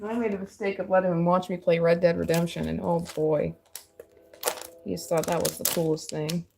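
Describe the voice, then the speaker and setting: A woman's voice: on the low side, little pitch movement, brisk, gravelly, mellow, slight background noise. A woman chatting casually while sculpting, rambling and laughing often, joking at her own expense. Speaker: crafter and mother.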